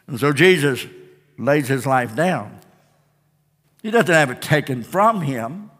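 A man's voice: medium pitch, animated, slow, fairly bright tone. A male pastor preaching a fervent sermon with repeated refrains and call-and-response, recorded in a church sanctuary. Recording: long church reverb.

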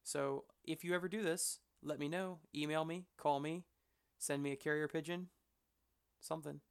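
A man's voice: on the high side, steady tone, moderate pace, creaky, smooth. A man hosting a hobby channel, chatting casually to the camera in an enthusiastic, rambling, self-deprecating way.

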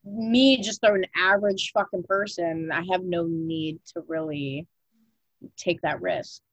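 A woman's voice: on the low side, a little slow, no room sound, low-quality recording. A young woman co-hosting a podcast in casual chat, talking loosely with lots of "like" fillers and casual swearing. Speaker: podcast co-host.

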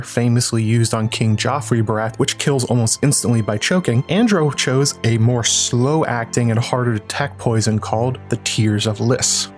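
Male narrator, analytical scripted explainer, light music under. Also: medium pitch. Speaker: lore video narrator.

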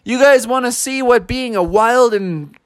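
A man puts on a friendly backwoods frontiersman for a children's storybook. He speaks slowly and easily. The sound is close and dry. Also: very high voice, no echo, voice pushed up. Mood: folksy.

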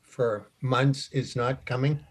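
A man's voice: mid-range voice, slow, husky. A man chiming in during a casual chat with joking asides.

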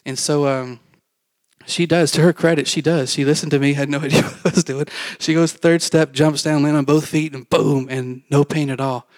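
A man's voice: on the high side, fairly even intonation, moderate pace, dry recording. A man telling a personal faith story to a congregation in a candid, self-mocking way, acting out the dialogue as he goes. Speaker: preacher giving testimony.

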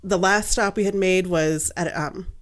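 A woman telling a long story in casual chat, animated and chatty, laughing often and filling her talk with fillers. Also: fairly low pitch, a little slow.

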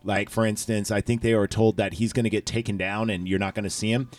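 A man's voice: lowish voice, steady tone, fast talker, no echo. A man hosting a casual movie recap chat, rambling with lots of fillers and profanity. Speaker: podcast host.

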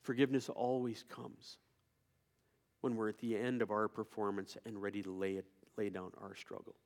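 A male pastor preaching a sermon, moving from quiet storytelling to loud, impassioned preaching. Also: on the low side, little pitch movement, moderate pace, creaky.

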